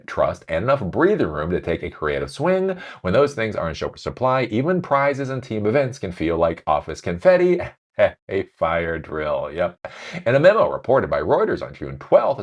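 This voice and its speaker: A deep-voiced man hosting a podcast commentary, reading news excerpts and then ranting about them with heavy sarcasm. His pitch swings widely, which makes the delivery animated. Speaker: host.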